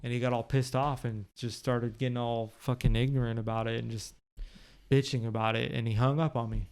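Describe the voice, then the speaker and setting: A man's voice: medium pitch, little pitch movement, a little fast, darkish tone, clear, resonant tone. Male podcast guest, candid storyteller, profane and blunt, recorded at home. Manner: blunt and profane, with many fillers. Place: living room of his home.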